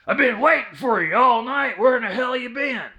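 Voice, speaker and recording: A man acting as a barking gruff old man. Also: extremely high pitch, lively intonation, normal speed, bright, forceful tone, pitched above the performer's own voice, heavily acted. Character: gruff shouting old man around seventy. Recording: dull lo-fi recording.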